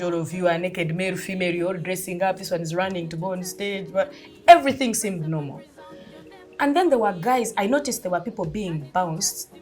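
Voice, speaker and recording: A woman in her thirties with a Ugandan accent, telling a personal story in a casual, animated way, often laughing and acting out dialogue. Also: lowish voice. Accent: Ugandan English.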